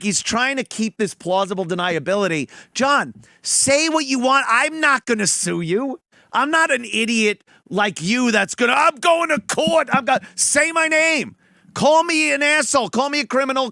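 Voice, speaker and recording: A man's voice: high-pitched, sharp tone, no room sound, studio quality. A man hosting a commentary show, reacting to clips in a mocking, profane way. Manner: mocking, profane, mimics voices. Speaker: commentary channel host.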